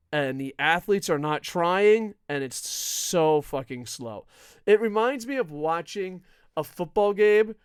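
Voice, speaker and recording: A man hosts a live wrestling podcast, ranting and yelling with heavy swearing. His voice sits a little high and rings smooth and resonant. The sound is dry and close, with no room echo. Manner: loud, profane, often yelling. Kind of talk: live-streamed ranting commentary.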